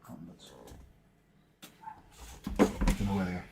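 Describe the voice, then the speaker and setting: This livestream host speaks at a measured pace over a noisy background. He's at home, chatting informally with his chat audience and trading banter with his partner.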